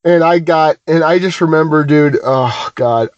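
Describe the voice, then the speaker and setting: Casual podcast guy, kinda high voice, rambly and self-deprecating, dry dull audio. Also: a little slow, no echo. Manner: animated, self-deprecating, many restarts. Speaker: podcast co-host. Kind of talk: casual chat, rambling storytelling.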